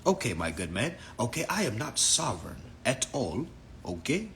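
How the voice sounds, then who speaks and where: A man putting on a prim, overly polite British gentleman with a London accent, talking in a calm, mock-formal, lawyerly way. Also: mid-range voice, moderate pace, gravelly, a little hiss or hum. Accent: London British, put on.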